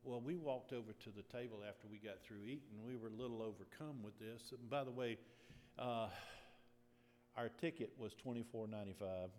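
A man's voice: medium pitch, fairly quick, a little mellow. Man preaching in an echoey hall. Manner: storytelling, rising to emphatic preaching. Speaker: pastor. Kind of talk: sermon with personal story. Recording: echoey hall with faint noise.

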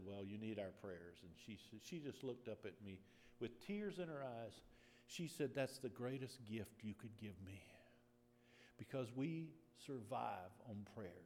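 A man pastor telling a personal story in a sermon, moving from relaxed storytelling to emphatic preaching. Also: on the low side. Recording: echoey hall with faint noise.

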